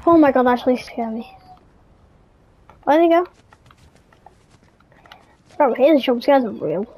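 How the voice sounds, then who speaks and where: A woman's voice: high voice, unhurried, warm tone, a little hiss or hum. A woman gamer giving casual commentary on a horror game, full of jumpy, startled exclamations.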